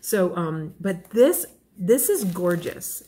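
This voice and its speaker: A woman's voice: on the low side, big pitch swings, takes it slowly, dark tone. A woman vlogger chatting casually while unboxing a crochet kit, gushing and self-deprecating, rambling with fillers and small laughs.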